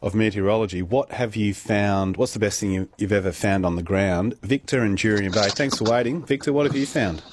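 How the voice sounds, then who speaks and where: A man hosting a talkback radio show, chatty and quick to laugh. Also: on the low side, a little hiss or hum. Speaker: radio host.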